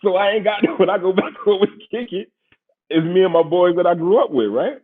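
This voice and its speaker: New york guy telling a story on a podcast, loose and slangy, raspy, sounds like he's on a phone line. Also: sits high, a little fast. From Queens, New York. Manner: animated, slangy, laughs often. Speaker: podcast host, former pro football player. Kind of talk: casual storytelling. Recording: husky voice over tinny phone-like line.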